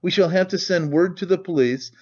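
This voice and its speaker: A man reading an audiobook voices a pompous, reproachful middle-aged lawyer with a formal, measured manner. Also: high voice, darkish tone. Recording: dull lo-fi recording.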